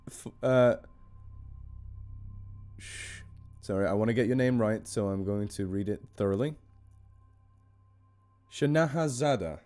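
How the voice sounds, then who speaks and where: Man with a low, mellow voice. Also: a little slow, long pauses, faint music behind. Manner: rambling, self-deprecating, chatty; thanks donors by name. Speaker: horror story narrator on a charity live stream. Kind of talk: casual live-stream chat. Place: indoors at home.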